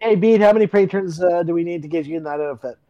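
A man's voice: high-pitched, fast talker, dark tone, muffled recording, soft background music. A man co-hosting a podcast who riffs on a movie with crude, dry wisecracks. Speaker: podcast co-host. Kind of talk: casual movie riffing commentary.

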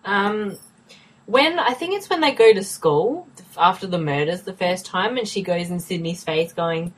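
A woman co-host with a deep, low-pitched voice talks loosely and eagerly. She laughs often and fills her sentences with "like" and "you know," the way friends talk on a casual podcast. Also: animated, normal speed, poor audio. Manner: chatty, laughs often, many fillers. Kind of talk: casual chat.

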